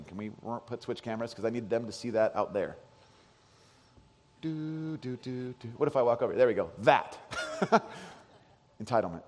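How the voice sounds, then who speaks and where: Animated pastor preaching in a big hall. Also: male voice, fairly high pitch. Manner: animated storytelling, voices his son and swings from loud to soft. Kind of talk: sermon. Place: large church hall. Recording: long hall reverb.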